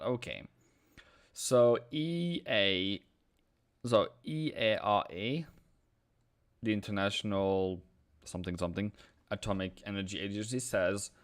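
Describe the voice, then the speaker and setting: Jokey Norwegian-accented man streaming trades. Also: fairly low pitch. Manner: jokey, thinks aloud, reads chat messages. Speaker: forex trader streaming live. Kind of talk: casual live-stream commentary.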